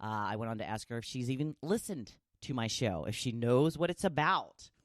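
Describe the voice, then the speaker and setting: A middle-aged woman hosting her own podcast, talking casually and chattily, with big leaps up in pitch. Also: lively intonation, moderate pace, no room sound, studio quality. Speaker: podcast host. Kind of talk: casual solo podcast talk.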